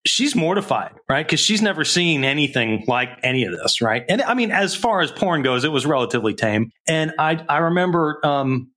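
Bright, slightly high male co-host, rambling storyteller. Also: very animated, moderate pace, hardly any pauses. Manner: rambling, laughing as he talks. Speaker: podcast co-host. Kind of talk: casual storytelling.

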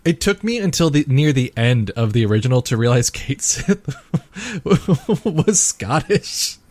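Man, casual podcast chat, rambling, lots of fillers, mid pitch. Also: very animated, a little slow, darkish tone, no echo. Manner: rambling, many fillers, mock quoting. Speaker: podcast co-host.

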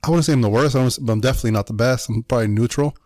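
A relaxed young man talking gym talk on a podcast, his voice at an ordinary middle pitch. He is recorded close and dry, with no room sound, and he peppers his speech with swearing and "like.". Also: racing, no room sound. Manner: relaxed, swears often, hedges with "like". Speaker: podcast co-host. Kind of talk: casual chat.

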